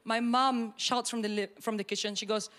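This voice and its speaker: A middle-aged woman pastor tells a personal story from the pulpit. Her voice sits slightly high and leaps up when she acts out what people said. She talks in a lively, expressive way. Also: moderate pace. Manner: animated storytelling, acts out quotes with sudden high bursts and laughter.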